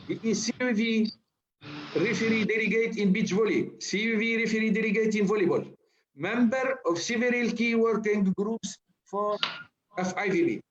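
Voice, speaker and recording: High-voiced man moderating, muffled audio. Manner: reads a long list of credentials. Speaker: webinar moderator. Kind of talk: formal speaker introduction. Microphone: video call.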